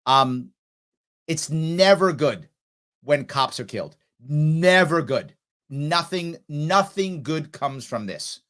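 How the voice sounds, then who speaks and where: A man's voice: fairly high pitch, expressive, slow, a bit bright. A man hosting a live political commentary show, reacting with indignant sarcasm to a clip and reading viewer comments. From New York. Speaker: livestream political show host.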